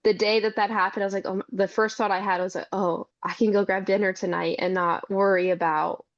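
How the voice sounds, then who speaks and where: Young woman guest, earnest storyteller, mid-pitched, slightly dull remote sound. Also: little pitch movement, brisk. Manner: earnest, talks in long run-on stories. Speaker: podcast guest, mother and caregiver. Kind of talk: conversational interview.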